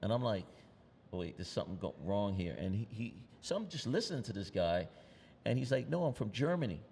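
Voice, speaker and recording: Lower-voiced New man telling street stories. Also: expressive, fairly quick, gravelly, a little mellow, a little hiss or hum. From New York. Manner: loose, streetwise storytelling with acted-out quotes. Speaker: panelist, graffiti artist. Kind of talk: anecdotal storytelling on a panel. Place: outdoor panel event. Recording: long reverb in a large space.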